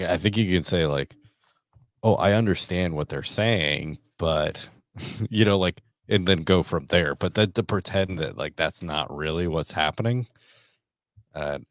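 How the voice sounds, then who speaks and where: A man co-hosting a casual podcast, talking in a relaxed, agreeable way and laughing often. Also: very deep voice, unhurried, no echo, clean studio sound. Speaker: podcast co-host.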